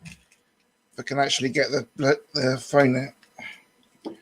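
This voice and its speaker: A man's voice: medium pitch, flat delivery, takes it slowly, slightly rough. A man chatting over a video call on his phone, rambling with lots of fillers. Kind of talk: casual video call chat.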